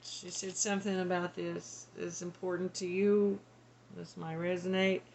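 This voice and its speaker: A woman's voice: fairly low pitch, little pitch movement, unhurried, gravelly, darkish tone, slight background noise. A woman working as a psychic medium, relaying channeled messages in a hesitant, tentative way. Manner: hesitant, tentative, laughs between.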